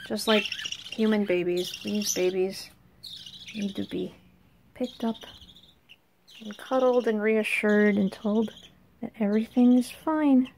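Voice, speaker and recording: A woman's voice: mid-range voice, fairly even intonation, slow, gravelly, long pauses, darkish tone, a little hiss or hum. A woman filming her pet budgies at home, chatting casually and coaxing the birds in a soothing voice. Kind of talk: casual home vlog narration.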